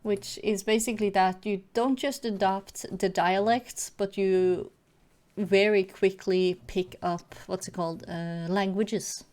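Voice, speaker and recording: A woman from Norway hosting a casual group chat, talking in a relaxed way and laughing often. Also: medium pitch, slow. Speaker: host.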